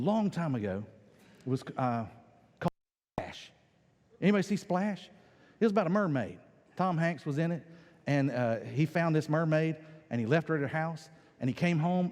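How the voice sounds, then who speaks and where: A man preaching a sermon as pastor, animated and playful, acting out quoted voices. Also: a little high. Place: church sanctuary. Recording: long church hall reverb.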